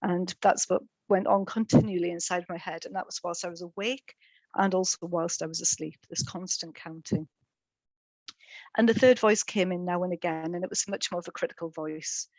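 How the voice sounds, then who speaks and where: A middle-aged woman giving a personal testimony in a webinar, speaking in a halting way with frequent ums and repeated words. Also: lowish voice, fairly even intonation, darkish tone, no echo, poor audio. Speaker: speaker sharing lived experience in a webinar.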